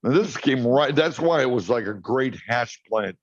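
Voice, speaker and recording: A man chatting as a guest on a talk show, telling stories in an animated way and often restarting his sentences. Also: medium pitch, moderate pace, no echo, highs cut off. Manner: storytelling, animated, repeats words when starting. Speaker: guest, cannabis grower. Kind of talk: casual talk show chat.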